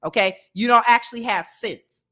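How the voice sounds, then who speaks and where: A woman's voice: a little high, normal speed, sharp tone. A woman hosting a commentary video, speaking bluntly and scolding. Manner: blunt, scolding, repetitive emphasis. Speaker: commentary channel host. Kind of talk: reaction commentary.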